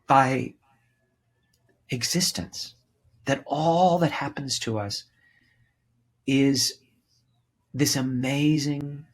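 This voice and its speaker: A slightly rough, mid-range male voice belongs to a sixty-something actor and author appearing as a podcast guest. He shares his story openly and passionately, swears without restraint, and repeats words to drive points home.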